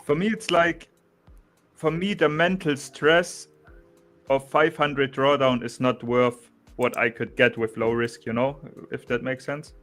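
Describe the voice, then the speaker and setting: A young man with a German accent, chatting casually about trading, relaxed, restarting sentences and saying "bro" a lot. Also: medium pitch, unhurried. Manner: relaxed, restarts often, says "bro" and "you know". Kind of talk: casual chat.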